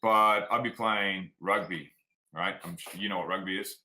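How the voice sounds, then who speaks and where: Low-voiced aussie guy telling stories in an interview, punchy bright tone, blunt and plainspoken. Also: fairly even intonation, moderate pace, poor audio. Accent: Australian. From Australia. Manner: frank and plainspoken, drops "like" and "man". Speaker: guest, performance coach. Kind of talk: casual interview storytelling.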